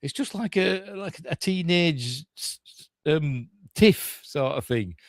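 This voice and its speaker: A man's voice: fairly high pitch, lively intonation, slow, background noise. An older man with a Yorkshire accent, chatting casually as a podcast host reacting to a film trailer, grumbling and mocking himself.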